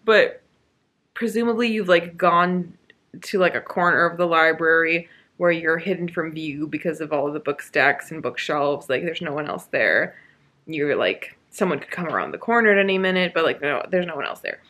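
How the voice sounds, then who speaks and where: A woman's voice: low voice, normal speed, a bit bright. A woman vlogging about a book she is reading, talking casually with sarcastic, exasperated asides and lots of fillers.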